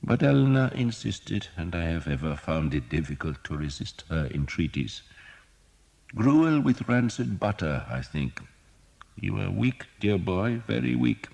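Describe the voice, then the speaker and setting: A man voicing a cheerful, sardonic old male doctor who teases slowly and deliberately. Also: sits low, sing-song, vocal fry, a little mellow, voice pushed up, heavily acted. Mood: wry. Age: older. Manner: wry, teasing, slow and deliberate.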